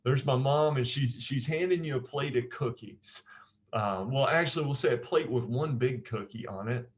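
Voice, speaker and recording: Brief: male naval officer instructor, mid-pitched, chatty lesson with repeated cues. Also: normal speed. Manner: conversational, repeats phrases, asks "right?". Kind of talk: informal memory-technique lesson.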